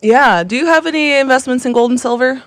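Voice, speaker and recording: Bright, lively woman radio co-host. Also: sits high, no room sound. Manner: animated and chatty, quick to laugh. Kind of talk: casual on-air banter.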